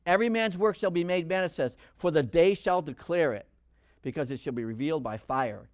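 A male preacher delivering a sermon in a high voice. He is animated and acts out Bible figures in quick little voices. The recording is dry and close. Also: no echo.

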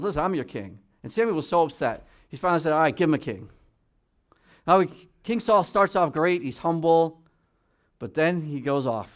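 A male pastor preaching a conversational sermon, talking straight to his congregation and slowing down to read scripture aloud. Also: on the high side.

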